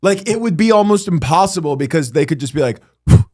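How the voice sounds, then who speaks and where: A man's voice: on the high side, fairly quick, very noisy. A man hosting a casual comedy podcast, telling stories with lots of swearing and acted-out quotes. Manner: animated storytelling, swearing, acting out quotes. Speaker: podcast host.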